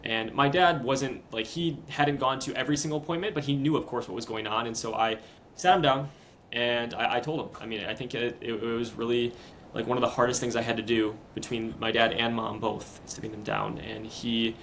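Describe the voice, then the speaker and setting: A young man in his twenties, a podcast guest, recounting a hard personal story in a casual, earnest, halting way. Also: mid-range voice, steady tone, a bit bright, a little hiss or hum, poor audio. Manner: earnest, halting, retelling step by step.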